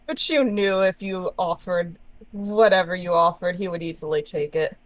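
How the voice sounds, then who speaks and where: A man's voice: sits high, moderate pace, a bit bright, no echo, low-quality recording. A man playing a tabletop game in character, answering bluntly and defiantly. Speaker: player. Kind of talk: in-character tabletop role-play.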